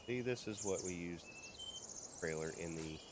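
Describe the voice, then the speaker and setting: A man with a low-pitched voice streams a farming game at a moderate pace, rambling and chatty as he narrates his actions and talks to himself. The casual gameplay commentary is recorded with loud background noise.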